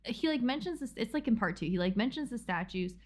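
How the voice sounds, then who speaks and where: A young woman co-hosting a book club stream, speaking in halting, restarting sentences as she thinks aloud in a casual chat. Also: on the high side, expressive. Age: young adult.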